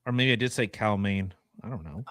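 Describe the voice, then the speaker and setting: A man's voice: on the low side, a little fast, a bit bright, no room sound, studio quality. A man co-hosting a podcast, trading crude jokes and laughing often in casual banter. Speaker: podcast co-host.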